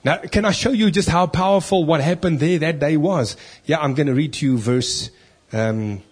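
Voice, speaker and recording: A man delivers a sermon with emphatic conviction, firing rhetorical questions at his listeners and reading scripture aloud. His voice sits a little high and carries a husky, breathy edge. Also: moderate pace. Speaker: preacher.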